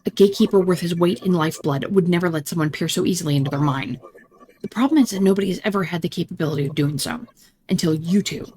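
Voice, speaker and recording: A woman's voice: fairly low pitch, fast talker, dark tone, a little hiss or hum. A woman hosting a gaming channel, reading game dialogue aloud in a let's-play and switching voices dramatically between the characters.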